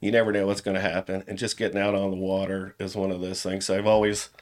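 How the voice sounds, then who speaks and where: A middle-aged man from Cincinnati with a fairly low voice tells stories in a relaxed, conversational way. He laughs easily and often lets his sentences drift off quietly at the end. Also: fast talker. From Cincinnati, USA. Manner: relaxed, laughs often, trails off softly at phrase ends. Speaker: jewelry store owner, podcast guest. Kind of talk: casual storytelling chat.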